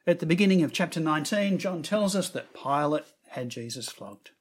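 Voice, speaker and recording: A man preaching a sermon, telling the story with expressive emphasis and lifting his voice on quoted words. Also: fairly high pitch, normal speed.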